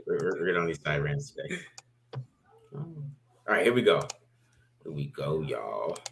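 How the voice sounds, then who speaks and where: A man's voice: very deep voice, sing-song, normal speed, creaky. A man co-hosting a casual football film breakdown, rambling with restarts and asking "right?" after nearly every point. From from a Baltimore family. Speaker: football film analyst co-host.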